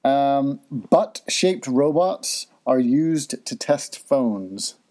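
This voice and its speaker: A man's voice: mid-range voice, expressive, very slow, warm tone. A man in his forties hosting a casual chat, quizzing and teasing in a playful, jokey way. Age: 40s. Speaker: podcast host and father.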